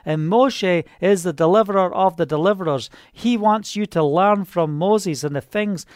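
Fervent high-voiced male preacher. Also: moderate pace, a little mellow, dry recording, clean studio sound. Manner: fervent, proclaiming, breaks into hallelujahs. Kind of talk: charismatic sermon and prayer. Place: Israel.

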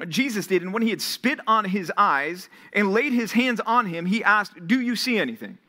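A young man preaches to a college ministry in an easy, conversational way. His voice is bright and sits a little high. He builds to animated emphasis when reading the words of Jesus. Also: normal speed. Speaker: pastor. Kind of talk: sermon. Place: church or ministry hall.

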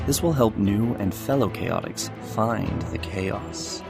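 A man's voice: lowish voice, slow, gravelly, music in the background. A man hosting a tabletop game podcast as dungeon master, chatting loosely and laughing with his players. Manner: lively, laughing, loose banter. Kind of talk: casual tabletop game chat.

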